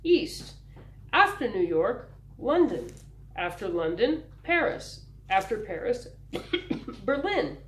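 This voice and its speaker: A woman's voice: mid-range voice, very animated, takes it slowly, roomy sound, poor audio. A woman doing a kind teenage brother. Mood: reassuring. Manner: reassuring, thoughtful. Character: teenage boy, kind, patient, dreaming of travel.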